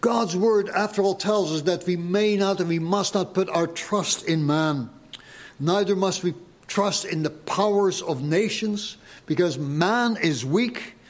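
A man preaching a sermon to his congregation, slow and deliberate, pressing his listeners with emphatic questions. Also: high voice. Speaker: pastor.

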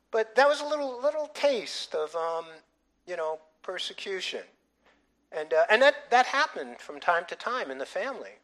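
Brief: middle-aged male pastor, emphatic sermon storyteller, bright tense tone. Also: sits high, normal speed. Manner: animated, emphatic storytelling with frequent restarts.

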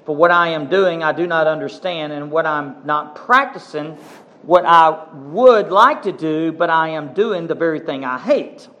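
A man preaching a sermon, reading scripture aloud and commenting on it in an emphatic, animated way. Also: on the high side, unhurried. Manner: animated, emphatic, addresses congregation as folks. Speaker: pastor.

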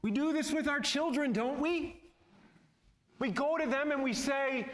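Earnest high-voiced preacher man. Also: measured pace. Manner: earnest, exhorting, addresses listeners as beloved. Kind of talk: sermon.

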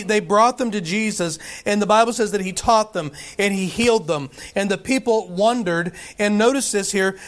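A man preaching a sermon, reading scripture slowly and stressing his points with emphasis. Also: high voice. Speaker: pastor.

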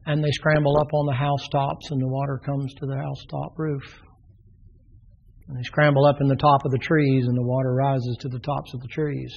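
A man's voice: medium pitch, little pitch movement, fairly quick, vocal fry, darkish tone, breathy edge. A man preaching a sermon, telling the story with drama and acting out the characters' voices. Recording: dull lo-fi sermon recording.

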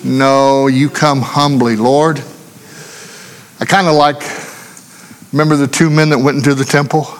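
A man's voice: medium pitch, little pitch movement, normal speed. A male preacher giving a sermon in earnest, repetitive rhetorical questions, speaking in a church. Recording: long hall reverb.

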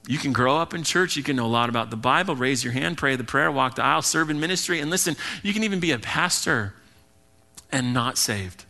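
Earnest bright-voiced male preacher. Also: fairly high pitch, gravelly. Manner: earnest, emphatic preaching with acted asides. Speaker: pastor. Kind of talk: sermon.

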